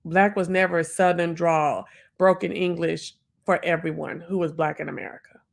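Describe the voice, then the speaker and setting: A woman's voice: fairly low pitch, steady tone, gravelly. A woman in her forties hosting a live stream, talking about the poem in a chatty, reflective way with plenty of fillers. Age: 40s. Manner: chatty and reflective, with many fillers and quick asides. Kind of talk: casual live stream chat.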